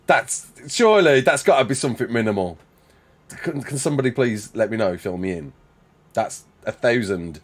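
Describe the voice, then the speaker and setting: A young man chatting casually with viewers while playing a game live, quick to laugh and often restarting his sentences. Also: mid-range voice, expressive, slightly rough. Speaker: live streamer.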